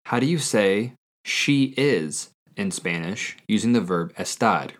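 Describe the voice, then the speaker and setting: A man hosting a language-learning podcast, reading a quiz and repeating each answer slowly and carefully. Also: fairly low pitch, expressive. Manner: slow, careful repetition of answers. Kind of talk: scripted language lesson quiz.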